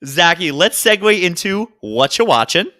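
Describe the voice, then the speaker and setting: A man co-hosting a casual comedy podcast, telling stories with lively acted-out quotes. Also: high-pitched, normal speed, dry recording, clean studio sound. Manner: animated storyteller, acts out quotes. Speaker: podcast co-host.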